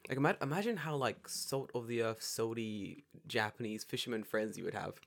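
A man's voice: medium pitch, brisk, gravelly. A man co-hosting a casual podcast, joking, swearing a lot and acting out little scenes. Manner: joking, swearing, acts out voices. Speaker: podcast co-host. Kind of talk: casual chat.

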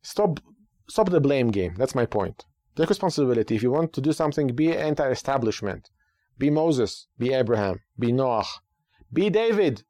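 A man who is a rabbi and a radio podcast host, giving lively talk-show commentary with rhetorical questions and repeated phrases for emphasis. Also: on the high side, dry recording.

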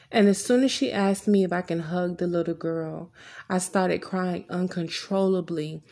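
A woman's voice: lowish voice, fairly even intonation, moderate pace, creaky, dark tone. A woman earnestly telling a personal story, retelling conversations in her own words with frequent restarts.

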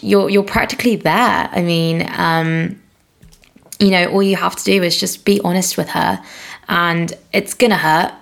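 A woman's voice: on the low side, vocal fry. A young woman co-hosting a podcast in casual chat, giving frank, blunt advice. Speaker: podcast co-host, agony aunt.

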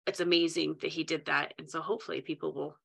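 A woman podcast host responding warmly and haltingly, with many restarts, in casual interview chat. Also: low voice, steady tone, creaky, breathy edge. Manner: gushing, halting, restarts often.

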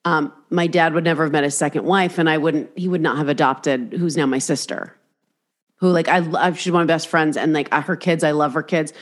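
A woman's voice: low-pitched, fairly quick. A woman hosting a podcast, talking casually, swearing freely and rambling through restarts while acting out voices in her stories. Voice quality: swears freely, animated storytelling with acted-out inner voices. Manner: rambling, restarts mid-sentence. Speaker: podcast host. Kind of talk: casual chat.

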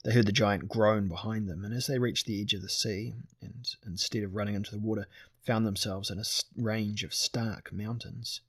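A man narrating a fantasy audiobook in a steady, measured way. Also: lowish voice, breathy edge, no room sound.

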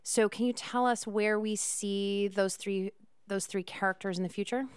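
A woman hosting an upbeat podcast interview. She is chatty and enthusiastic. Her voice sits at a middle pitch, and the recording is dry and close. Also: steady tone, moderate pace, clear, resonant tone, dry recording. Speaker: podcast host.

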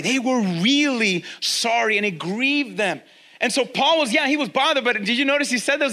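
A male pastor preaching a sermon to a church congregation, energetic and conversational, repeating key lines for emphasis. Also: extremely high pitch, moderate pace. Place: church with a congregation, also streamed online.

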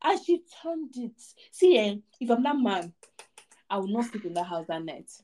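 A woman's voice: mid-range voice, very animated, moderate pace, darkish tone. A woman co-hosting a casual podcast, talking emphatically about a film and repeating points for effect. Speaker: podcast co-host. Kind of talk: casual movie review chat.

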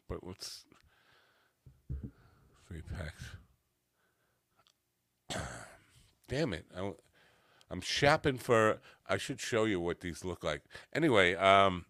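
Deep voiced guy rambling on his stream, kinda high, swears a lot, dead dry mic. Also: lively intonation, measured pace, long pauses, a bit bright, no echo. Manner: rambling, self-mocking, easily distracted, swears freely. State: coming down from a cannabis edible. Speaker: podcast host. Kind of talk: casual livestream chat.

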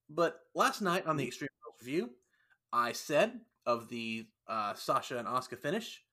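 A man hosting a casual podcast, recapping events and acting out what people said. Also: a little high. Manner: animated storyteller, acts out quotes. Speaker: podcast host recapping wrestling. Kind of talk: casual chat.

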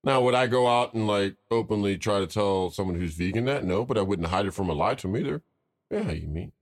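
Low-voiced earnest male co-host. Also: expressive, fast. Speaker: podcast co-host. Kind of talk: casual chat.

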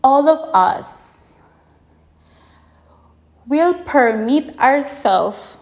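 This is a woman talking in a casual, reflective monologue, her voice sitting somewhat high. She speaks slowly and softly, lingering on her feelings. is a for her. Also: animated. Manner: slow, soft, emotional, with pauses and laughs.

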